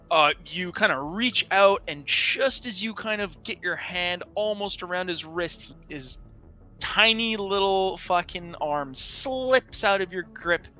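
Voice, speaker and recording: A man's voice: high-pitched, pushed and bright. A man running a tabletop game as game master, narrating casually with frequent swearing and hesitations.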